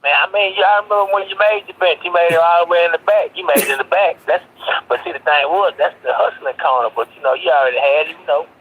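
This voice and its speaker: Fast-talking husky man on a call. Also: a little high, narrow, tinny audio. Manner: reminiscing, quick back-channel replies. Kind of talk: casual chat.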